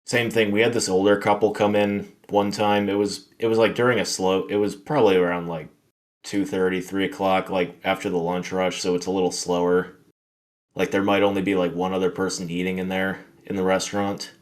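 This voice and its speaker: A man's voice: low-pitched, flat delivery, brisk. A man hosting a podcast, telling a work story in a rambling, filler-heavy, profane way. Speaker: podcast host. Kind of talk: casual storytelling chat.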